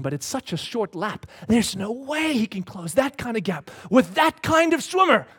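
A middle-aged man preaching a sermon, telling a story with swings from hushed lines to shouts. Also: very high-pitched, sing-song, normal speed, few pauses, husky. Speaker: pastor. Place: church hall with congregation.

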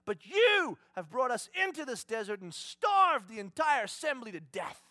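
A man voicing the grumbling Israelites, shouting and whining in a high, complaining voice. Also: very animated, moderate pace, no echo, clean studio sound, exaggerated voice. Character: wailing, grumbling crowd of hungry ex-slaves.

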